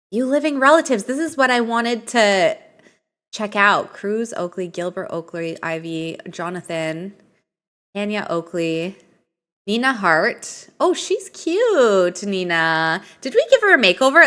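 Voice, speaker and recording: Lively, bright-voiced woman streamer. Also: lowish voice. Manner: chatty, reads game options aloud, greets chat viewers. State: tired. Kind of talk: live game stream commentary.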